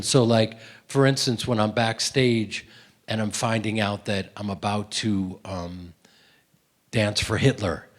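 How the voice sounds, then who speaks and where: A man, an actor, telling rambling, self-deprecating stories while answering audience questions at a film festival Q&A. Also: on the low side. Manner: rambling, animated, self-deprecating, many restarts. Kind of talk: festival Q&A storytelling.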